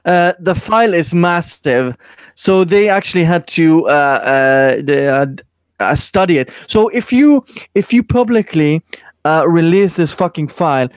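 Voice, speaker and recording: A man's voice: a little high, animated, measured pace, clean tone, dry recording, clean studio sound. A man hosting a casual podcast, reading an article aloud with sarcastic, swearing asides. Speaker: podcast host.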